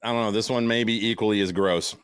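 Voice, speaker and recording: A man with a fairly low voice, recorded close and dry, co-hosts a casual podcast. He makes wisecracks in an understated way. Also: steady tone, fast, fairly bright tone, clean tone, dry recording. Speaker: podcast co-host. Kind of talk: casual comedic banter.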